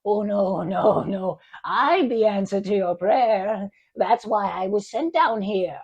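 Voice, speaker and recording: A man doing an impression of a gentle, cheerful old male angel who talks mildly and earnestly, in a dull, muffled recording. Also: sits high, slow pace, slightly rough, heavily acted. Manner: mild, earnest, slightly fussy. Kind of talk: voice impression of a film scene.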